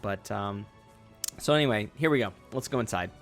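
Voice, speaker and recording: A man's voice: lowish voice, moderate pace, a bit bright, soft background music. A man voicing a nervous young vampire hunter in a tabletop game, talking in a rambling, hesitant way. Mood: chatty. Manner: rambling, full of "like" and restarts. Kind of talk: tabletop game role-play.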